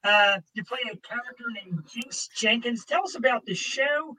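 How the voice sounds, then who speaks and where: A man hosts a casual video call interview in an eager, upbeat way. His voice is high and very bright, with a sharp, forward edge. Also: normal speed, slightly rough, low-quality recording. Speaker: show host.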